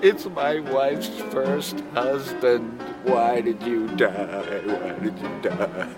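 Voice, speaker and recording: Brief: man playing a distraught mourner, slow, wailing, over loud music. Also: medium pitch, lightly acted. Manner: drawn-out wailing.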